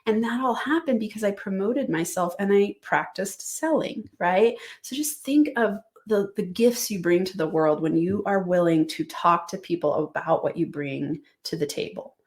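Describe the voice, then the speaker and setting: A woman's voice: medium pitch, moderate pace, few pauses. A woman hosting a motivational business podcast, talking straight to the listener in an upbeat, direct coaching manner.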